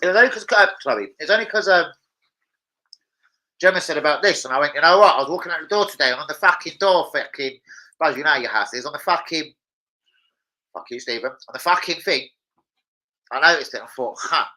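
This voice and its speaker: A man's voice: a little high, animated, brisk, pauses often, sharp tone, rough recording. A young man chatting casually on a live stream at home, swearing freely and bantering with viewers. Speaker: livestreamer.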